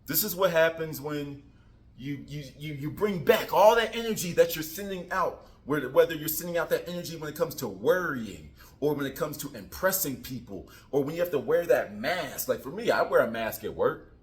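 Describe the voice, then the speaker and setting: A man's voice: fairly high pitch, expressive, normal speed. A man talking casually to camera about spiritual growth, goofy and joking. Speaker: vlogger. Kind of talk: casual motivational talk.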